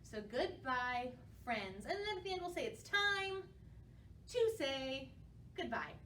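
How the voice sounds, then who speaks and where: A woman, a children's librarian, leading a storytime for young children with bright, encouraging talk. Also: extremely high pitch, big pitch swings, a little slow, echoey room, far from the mic, slight background noise.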